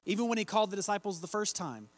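A man preaching a sermon, reading scripture aloud and slowing down to stress key phrases. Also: high voice, animated.

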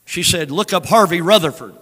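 An older man preaching a sermon, moving between hushed storytelling and loud exhortation. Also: high-pitched, fairly quick. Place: large church sanctuary. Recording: long hall reverb with soft music behind.

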